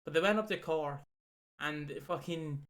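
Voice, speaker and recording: A young Irish man co-hosting a casual podcast, talking fast, swearing and laughing through his stories. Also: a little high, a bit bright. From Ireland. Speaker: podcast co-host.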